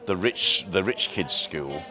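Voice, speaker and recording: A man's voice: deep voice, expressive, takes it slowly, crowd noise. A middle-aged man, hosting a live show in a rambling, jokey, self-interrupting chat. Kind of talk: casual chat.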